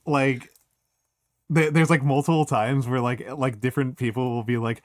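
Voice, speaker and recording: A man's voice: medium pitch, fairly even intonation, moderate pace, no room sound, clean studio sound. A man hosting a live stream, chatting casually, rambling with repeated words and frequent laughs. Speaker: streamer host.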